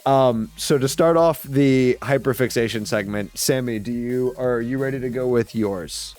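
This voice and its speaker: A man's voice: mid-range voice, normal speed, darkish tone, faint music behind. A man hosting a podcast, running the segments with dry, wry remarks. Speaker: podcast host. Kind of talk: casual podcast chat.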